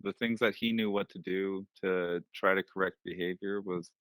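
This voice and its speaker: Low, bright-voiced man telling stories. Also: steady tone, moderate pace, no echo. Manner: loose and profane, heavy on filler words. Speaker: interview guest. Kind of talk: casual storytelling. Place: online virtual-world voice chat.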